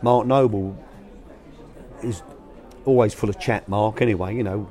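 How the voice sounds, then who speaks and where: Unhurried and warm, an older man with a low voice reminisces as an interview guest about coaching young players in his youth academy manager days. His anecdotes are colloquial, and he acts out the voices of those he quotes.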